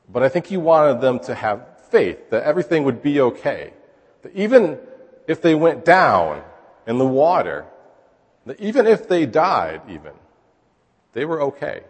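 Guy preaching casually, slightly husky voice, tosses questions at the crowd, echo trailing off in a big hall. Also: mid-range voice. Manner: chatty, asks the listeners rhetorical questions. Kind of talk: conversational sermon. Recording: long hall reverb.

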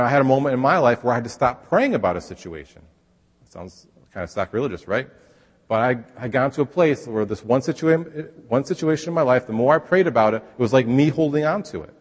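A man preaching a sermon in a relaxed, conversational way, sometimes acting out the voices he quotes. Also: medium pitch, big-room sound. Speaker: pastor.

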